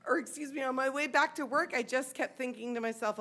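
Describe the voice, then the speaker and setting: A woman's voice: high voice, a little fast, hardly any pauses, a little hiss or hum. A woman in her forties with an American accent, telling a true personal story on stage and acting out the people in it. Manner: animated, acts out the voices in her story. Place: sports bar stage.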